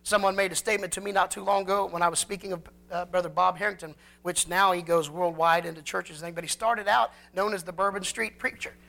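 A pastor preaching a sermon in a fervent way, reading scripture slowly and swelling louder on key phrases. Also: medium pitch, fairly even intonation, vocal fry. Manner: slow, drawn-out scripture reading.

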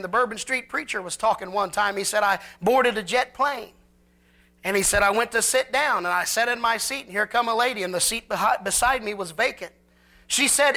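A pastor preaching a sermon in a fervent way, reading scripture slowly and swelling louder on key phrases. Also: medium pitch. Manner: slow, drawn-out scripture reading.

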